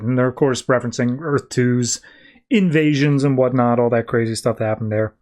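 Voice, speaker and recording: A man's voice: medium pitch, fairly even intonation, brisk, darkish tone. A man hosting a podcast, casually recapping a comic with loose, filler-heavy paraphrase. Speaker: podcast host.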